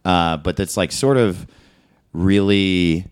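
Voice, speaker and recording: A man's voice: low-pitched, slow, smooth. A man, a comedian guest on a podcast, talking candidly and rambling with frequent swearing. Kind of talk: casual comedy podcast chat.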